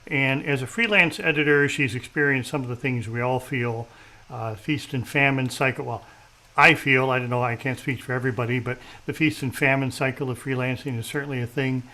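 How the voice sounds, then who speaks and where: A man's voice: medium pitch, steady tone, brisk, sharp tone, low-quality recording. A man hosting a casual interview, chatty and self-deprecating, with many fillers and restarts. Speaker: host. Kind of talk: casual video-call interview.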